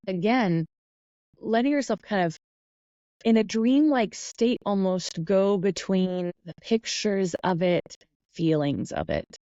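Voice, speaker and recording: Mellow-voiced woman hosting a reflective podcast. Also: mid-range voice, no echo, dull audio. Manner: soft, meandering, with frequent fillers and self-corrections. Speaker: podcast host. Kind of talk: reflective guided talk on manifesting.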